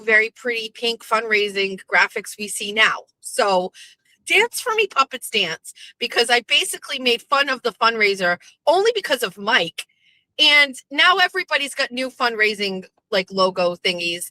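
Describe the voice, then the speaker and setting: A woman hosts a loose morning talk show. Her tone is bright and a little sharp, and her pitch sits in an ordinary middle range. She chats on and on in a lively way and swears casually. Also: no room sound, rough recording. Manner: chatty, swears casually, animated storytelling. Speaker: show host.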